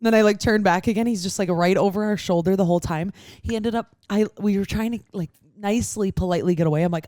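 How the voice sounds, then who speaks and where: A woman's voice: mid-range voice, fast, no room sound, studio quality. A young woman, hosting a podcast and telling stories in casual chat, acting out other people's lines. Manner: animated storyteller, acts out other people's lines. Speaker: podcast host.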